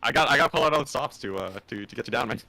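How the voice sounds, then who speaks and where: A man's voice: mid-range voice, animated, racing, vocal fry, pushed and bright, dry recording. A man playing against the streamer, answering in short, laid-back, teasing remarks. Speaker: opponent player in the match. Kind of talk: casual chat during a game.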